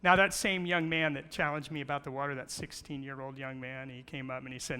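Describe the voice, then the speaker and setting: This middle-aged man's voice is medium-pitched with little pitch movement, brisk with few pauses, pushed and bright, and clean in tone. As a guest speaker on creation, he gives a playful church talk with slides, asking questions and cracking jokes. The large church hall adds long reverb.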